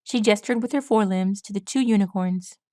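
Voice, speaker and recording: A woman narrating her own fan fiction audiobook in a steady, even storytelling voice. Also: mid-range voice, a little fast, no room sound, clean studio sound. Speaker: audiobook reader.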